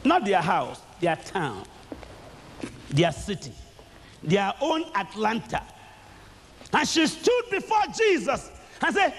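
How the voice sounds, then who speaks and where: A man preaching in a very high, lively voice, with slow, drawn-out delivery. He has a live congregation repeat phrases after him and breaks into shouts. The sound is a long-echoing hall with faint noise underneath. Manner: bursts into shouts, then drops low. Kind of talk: sermon.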